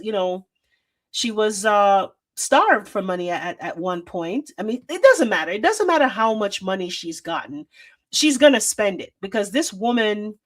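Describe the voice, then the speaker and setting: Woman host, mid-pitched voice, casual livestream commentary, reads news aloud, talks to viewers, desk mic. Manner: chatty, talks straight to viewers, many fillers. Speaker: show host. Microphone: desk microphone with a loose cable.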